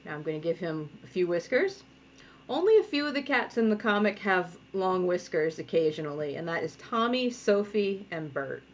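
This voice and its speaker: A woman in her thirties with a Rhode Island accent, a comic artist leading a relaxed draw-along from home and talking through each step. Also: lowish voice, moderate pace. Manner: chatty, encouraging, thinking aloud while drawing. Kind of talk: live draw-along tutorial. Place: home studio. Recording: dull lo-fi sound with faint noise.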